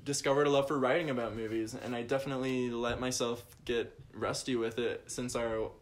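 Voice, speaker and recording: A man's voice: mid-range voice, little pitch movement, fairly quick. A young man co-hosting a podcast, speaking casually and hesitantly with many fillers. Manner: hesitant, lots of fillers and restarts. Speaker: podcast co-host. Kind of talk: casual chat.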